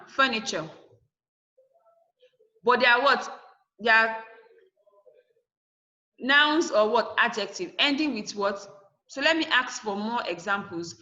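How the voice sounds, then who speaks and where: A woman's voice: a little high, pushed and bright, highs cut off. A woman teacher giving a classroom lesson, asking and answering her own questions and spelling words out letter by letter.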